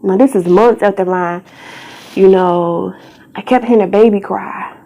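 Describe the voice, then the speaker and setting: A woman's voice: medium pitch, a little slow, dark tone, low-quality recording. A young woman vlogger giving an emotional personal testimony, earnest and pleading, tearful at times, sometimes dropping to a whisper.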